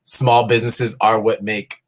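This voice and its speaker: A man hosting a live online event in a fairly low voice. He is friendly and rambling, tripping over words and trailing off with fillers. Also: level tone, unhurried. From New York. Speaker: event host.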